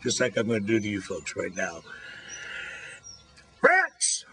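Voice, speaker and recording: A man's voice: on the low side, quick pace, a little hiss or hum. A middle-aged man telling jokes in a casual rant outdoors by a street, holding the camera to himself. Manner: folksy storyteller who acts out quoted voices. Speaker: vlog host. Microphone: handheld camera held to himself.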